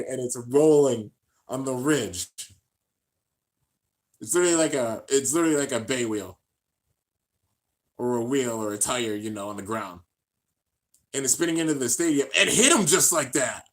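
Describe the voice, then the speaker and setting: A man of ordinary pitch reacts to an anime with casual, slangy commentary. He talks the action through at a steady clip and bursts into loud, excited shouts when the battle peaks. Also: normal speed, pauses often. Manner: hyped, shouts at big moments, slangy.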